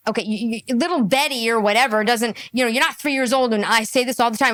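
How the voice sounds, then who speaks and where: A woman's voice: a little high, fast talker, hardly any pauses, a bit bright, no room sound. A woman reacting to a podcast clip, incredulous and laughing, mocking what she hears with put-on voices. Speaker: reaction commentator.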